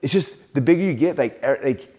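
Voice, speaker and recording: A man in casual conversation, telling stories with many fillers and restarts, jumping into a high voice to act out his own panic. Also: a little fast. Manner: animated storytelling, acts out his own panic in a raised voice. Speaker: host and entrepreneur.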